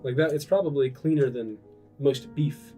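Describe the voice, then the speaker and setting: A young man in casual comedic podcast chat, rambling with restarts and acting out quoted people in high voices. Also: normal speed, warm tone, far from the mic, faint music behind. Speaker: podcast co-host.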